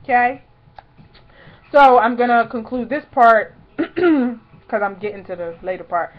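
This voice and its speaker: A woman in her twenties telling a story in a casual vlog, chatty, filling her talk with "like" and loudly acting out what she once said. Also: fairly high pitch, unhurried, dull audio. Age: 20s. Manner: chatty, fills talk with "like", acts out her own past lines loudly. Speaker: vlogger.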